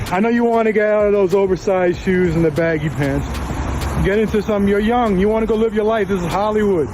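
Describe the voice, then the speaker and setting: A man's voice: sits high, noisy background. A man filming on a city sidewalk with a handheld phone, mocking and needling people in a provocative street confrontation.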